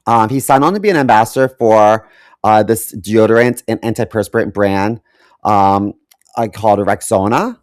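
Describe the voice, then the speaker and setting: A man's voice: fairly low pitch, moderate pace, no echo, clean studio sound. A man co-hosting a podcast in casual chat, hesitant with many ums and wry asides. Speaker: podcast co-host.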